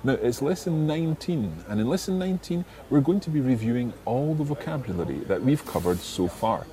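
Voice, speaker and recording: A man hosting a podcast language lesson, patiently giving English phrases and repeating the answers slowly and clearly. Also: medium pitch, animated, dark tone. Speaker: language teacher host.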